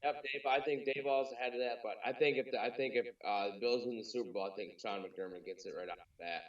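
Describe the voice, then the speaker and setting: A man co-hosting a casual sports talk show, joking and relaxed, often restarting his sentences. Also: medium pitch, fast talker. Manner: joking, relaxed, hesitant starts. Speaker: co-host. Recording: distant roomy lo-fi mic.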